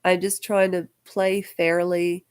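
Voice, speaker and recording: Talking directly to the camera aboard the houseboat she lives on, this fifties-aged vlogger from Ukraine records a personal video. Her fairly low, clean voice holds a level tone while she speaks slowly and with feeling, her thoughts wandering freely.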